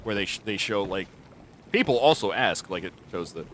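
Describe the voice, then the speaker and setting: A man's voice: fairly low pitch, expressive, moderate pace, a bit bright, slight background noise. Rambling man streaming a game. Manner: rambling, with many fillers and restarts. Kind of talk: live gameplay commentary.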